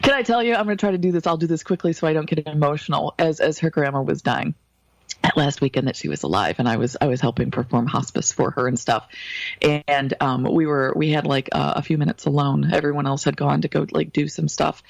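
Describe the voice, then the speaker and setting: A woman's voice: low voice, fast, gravelly, no room sound, highs cut off. A woman co-hosting a podcast, telling a story in a casual, chatty way and laughing often. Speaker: podcast co-host. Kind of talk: casual chat.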